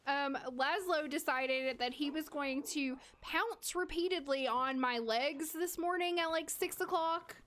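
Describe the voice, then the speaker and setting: Speaking a little slowly with few pauses, the young woman has a high-pitched, somewhat bright voice. She chats and giggles over her game stream, laughing often and talking to chat as well as to her characters.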